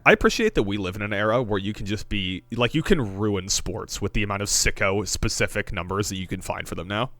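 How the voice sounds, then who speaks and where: A man with a bright, forceful, fairly low voice co-hosting a sports podcast. He riffs wryly and swears casually, close to a dry mic with no room sound. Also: expressive, fairly quick, few pauses, no room sound. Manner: wry, riffing, swears casually. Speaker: podcast co-host.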